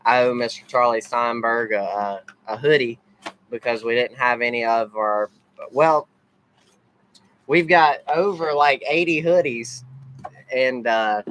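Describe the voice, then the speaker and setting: A man's voice: medium pitch, unhurried, a bit bright, slight background noise, poor audio. Rambling Southern man, casual recap. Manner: rambling, lots of uh fillers. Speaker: racing family vlogger. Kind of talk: casual live recap, thanking people.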